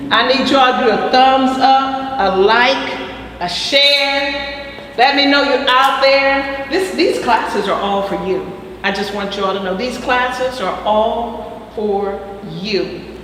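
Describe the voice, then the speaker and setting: Woman, fairly high voice, churchy health teacher, chatty with fillers; distant mic in a roomy, reverberant space. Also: takes it slowly. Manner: warm and preachy, frequent hallelujahs and fillers. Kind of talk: casual spiritual health talk. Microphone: far from the mic. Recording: echoey distant room with faint noise.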